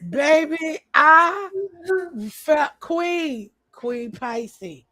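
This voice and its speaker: A woman chatting casually to her viewers on a livestream, loud and playful, laughing often and trash-talking. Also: sits high, animated, extremely slow, no room sound. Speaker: channel host. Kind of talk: casual live chat.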